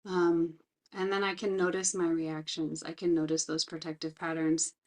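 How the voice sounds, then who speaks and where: A middle-aged woman trainer, speaking in an earnest, reflective way about her own life and teaching skills, slowing down to stress key words. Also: sits low, level tone, a little mellow. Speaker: resilience trainer. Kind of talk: personal talk with teaching.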